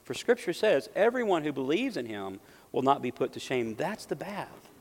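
A man preaching a sermon as pastor, emphatic, jumping from loud bursts to quiet asides. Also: on the high side, very animated, moderate pace. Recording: long hall reverb.

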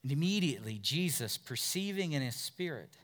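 A man's voice: fairly high pitch, big pitch swings, moderate pace, a bit bright. A man pastor preaching a sermon, emphatic, acting out quotes from listeners and scribes.

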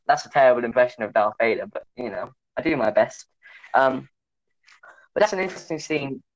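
A young man co-hosting a podcast, teasing and animated, slipping into silly voices. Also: medium pitch, a little fast, dry recording, dull audio. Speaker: podcast co-host. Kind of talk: casual banter.

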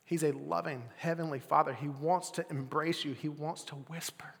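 A young adult man preaching a casual sermon as pastor, swinging between loud bursts and near-whispers. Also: on the high side, steady tone, moderate pace, gravelly, long reverb tail.

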